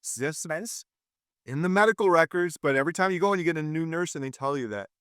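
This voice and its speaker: A man's voice: fairly high pitch, rapid-fire, clear, resonant tone, dry recording, studio quality. A middle-aged man hosting his own channel, chatting with enthusiasm to his viewers. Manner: enthusiastic, animated. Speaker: channel host. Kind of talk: casual video chat.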